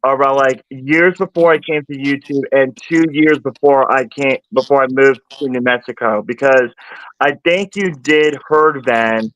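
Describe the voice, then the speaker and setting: Smooth-voiced Californian man, dry sound. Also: medium pitch, measured pace, fairly bright tone, no echo, low-quality recording. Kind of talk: casual live-stream chat. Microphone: video call.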